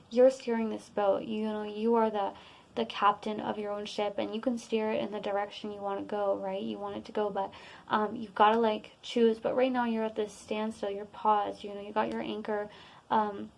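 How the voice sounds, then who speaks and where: A woman's voice: on the high side, creaky, poor audio. A young woman giving a casual, rambling tarot reading to her viewers, full of fillers. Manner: rambling, relaxed, many fillers. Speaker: tarot reader.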